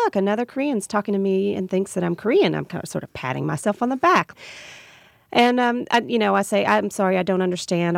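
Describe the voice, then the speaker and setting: Gravelly Southern woman telling a story. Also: on the low side, no echo, studio quality. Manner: heartfelt, laughs while telling. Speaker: radio guest. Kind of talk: personal storytelling.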